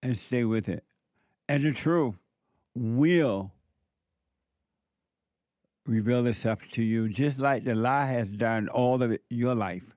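A man's voice: medium pitch, takes it slowly, pauses often, darkish tone, dry recording. A man preaching a sermon, emphatic and repetitive as he addresses a live audience.

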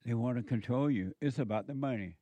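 A man's voice: medium pitch, brisk, dark tone, no echo. A man hosting a commentary show, delivering an emphatic, lecturing monologue that repeats its points.

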